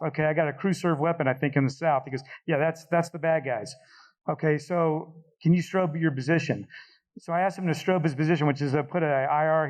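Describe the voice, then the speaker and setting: A man's voice: a little high, rough recording. A middle-aged man, a retired pilot on a panel, tells a war story and acts out radio calls.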